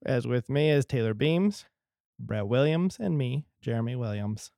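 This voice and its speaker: A man's voice: mid-range voice, lively intonation, moderate pace, gravelly, dark tone, dry recording, studio quality. A man in his thirties hosting a comedy podcast, telling stories and laughing often. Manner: laughs often, rambling and self-correcting. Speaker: podcast host. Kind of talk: casual comedy chat.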